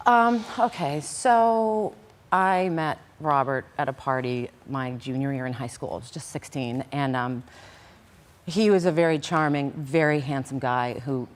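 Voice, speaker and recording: A woman's voice: deep voice, a little slow. A middle-aged woman, a guest in an interview, tells a personal story with feeling and acts out the dialogue. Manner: animated, acts out quoted dialogue. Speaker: interview guest recounting past events.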